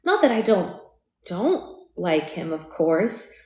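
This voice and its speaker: A woman's voice: lowish voice, big pitch swings, takes it slowly, mellow, reverberant. Woman reading a wistful, hesitant grown woman. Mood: flustered. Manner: hesitant, self-conscious. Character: wistful grown woman, hurt by sister's leaving.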